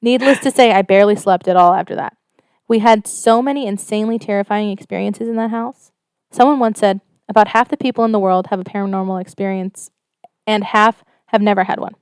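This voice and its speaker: Smooth-voiced woman podcast host. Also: mid-range voice, a little fast, dry recording, studio quality. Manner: casual, swears freely, reads stories in a steady flat telling. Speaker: podcast co-host reading a listener story. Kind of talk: casual podcast chat and story reading.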